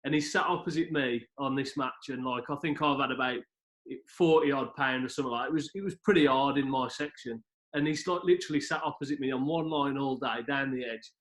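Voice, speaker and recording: A man's voice: medium pitch, a little fast, fairly bright tone. A man chatting casually on a video call, often asking for agreement. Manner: chatty, laughs easily, asks for agreement. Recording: echoey room on a video call.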